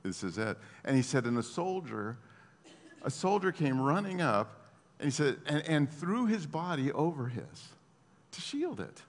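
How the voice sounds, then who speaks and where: Gravelly-voiced preacher in a reverberant hall. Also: male voice, fairly high pitch, very animated, measured pace. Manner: laughs at his own asides. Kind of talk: sermon.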